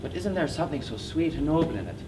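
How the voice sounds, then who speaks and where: Guy doing a brooding bitter man in a stage play, hushed and intense, far mic with hiss. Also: fairly high pitch, big pitch swings, fast. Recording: distant mic with noisy hiss.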